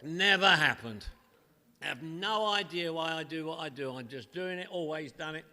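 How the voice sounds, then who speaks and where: The recording, made in a meeting hall, has echoey hall reverb. In it, a middle-aged London-accented man from northwest London speaks as an AA speaker, delivering a funny recovery talk with comic repetition in a bright, forceful voice on the high side, a little fast.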